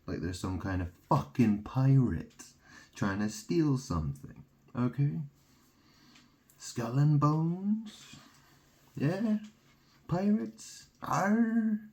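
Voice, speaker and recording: A man's voice: low-pitched, darkish tone. A man giving a rambling, insistent monologue, piling up wordplay and asking "okay?" again and again. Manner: insistent, repeats "okay?", plays on word sounds. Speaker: self-styled religious speaker.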